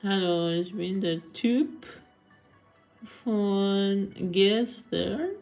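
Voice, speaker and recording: A woman's voice: mid-range voice, drawn-out words, a little mellow, highs cut off, faint music behind. A woman live streamer chatting casually with viewers, blunt and scolding, answering comments and switching between languages.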